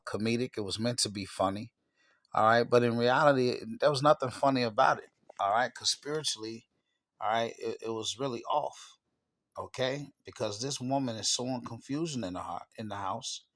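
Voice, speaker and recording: Male channel preacher, low voice, emphatic, casual sermon with scripture readings. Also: a bit bright. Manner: punctuates with "all right" and "okay", emphatic, restarts.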